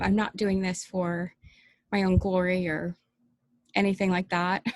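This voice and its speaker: A woman life coach speaking earnestly and emotionally in a personal welcome vlog, pausing often and sometimes close to tears. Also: medium pitch, vocal fry, no room sound. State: teary-eyed.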